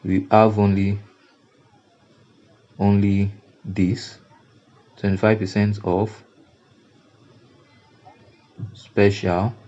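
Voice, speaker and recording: A man's voice: on the low side, little pitch movement, very slow, pauses often, dark tone, lo-fi sound. A man with a Nigerian English accent teaching graphic design over a screen recording, repeating and restarting phrases for emphasis. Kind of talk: screen-recorded software tutorial.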